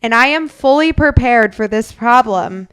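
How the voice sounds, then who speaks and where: Woman podcast co-host, animated anecdote, fairly high voice, smooth and clear. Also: moderate pace. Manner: lively anecdotal storytelling, acting out quotes. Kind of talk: casual storytelling chat.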